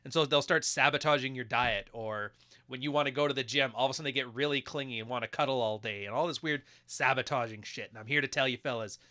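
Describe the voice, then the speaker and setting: A man's voice: mid-range voice, fast, sharp tone. A man giving crude, mocking casual commentary while reacting to videos. He keeps acting out quoted voices.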